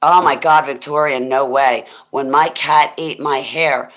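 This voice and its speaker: A woman with a deep, smoky voice hosts a casual livestream, drifting from topic to topic in a goofy, rambling way. She sits low in her range and takes her time, unhurried between thoughts. Now and then she stops to thank viewers in the chat. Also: fairly even intonation, fairly bright tone. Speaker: livestream host.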